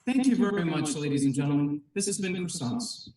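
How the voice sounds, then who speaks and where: High-voiced man, grand mock oratory. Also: lively intonation, a little fast, heavy background noise. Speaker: improv player arguing for croissants. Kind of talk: mock courtroom argument. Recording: roomy echo, distant from mic.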